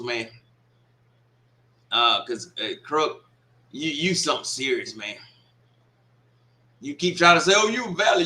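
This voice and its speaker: A sharp-toned man with a mid-range voice runs a livestreamed sports watch party from an echoey room. He reads comments out loud and scolds a troll, laughing and cursing along the way.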